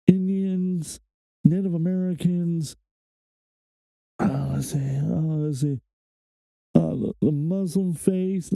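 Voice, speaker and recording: A man's voice: fairly high pitch, dark tone, no echo, rough recording. A man hosting a reaction video, ranting heatedly and swearing often. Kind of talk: casual reaction commentary.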